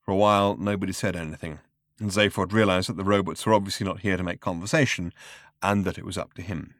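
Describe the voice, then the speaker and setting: A man reading a novel aloud in a measured, dry storytelling manner. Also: low-pitched, steady tone, a bit bright, no room sound. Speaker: audiobook narrator. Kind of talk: scripted narration.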